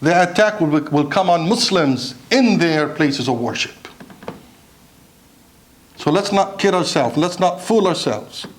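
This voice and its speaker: A man's voice: on the high side, expressive, measured pace. A man preaching a Friday sermon in a mosque, impassioned, asking rhetorical questions and mixing in Arabic recitation.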